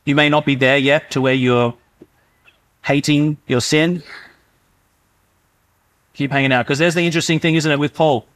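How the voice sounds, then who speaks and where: A man preaching in a relaxed, conversational way, now and then slipping into the voices of inner thoughts. His voice sits a little high for a man. The sound is dry and close. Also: normal speed, long pauses, no room sound. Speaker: pastor. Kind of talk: sermon.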